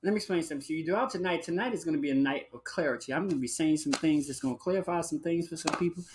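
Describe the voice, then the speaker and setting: Man, slightly high voice, sassy flamboyant host, casual live-stream chat, honey-and-child talk. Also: very fast, background noise. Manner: bursts into high whooping exclamations. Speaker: livestream show host.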